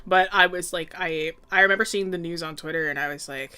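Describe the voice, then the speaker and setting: A woman's voice: lowish voice, fairly even intonation, fairly quick, sharp tone, clean tone. A young woman streaming while she draws, chatting casually in a rambling way and laughing often. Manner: giggly, rambling, frequent laughter. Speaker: streamer and artist. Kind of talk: casual chat while drawing. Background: faint background music.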